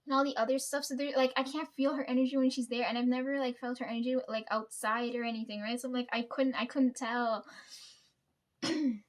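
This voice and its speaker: Woman, high pitch, casual storytime vlogger, chatty and profane, laughs a lot. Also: steady tone, fairly quick. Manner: laughs often, swears freely, rambling. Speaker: vlogger telling workplace stories.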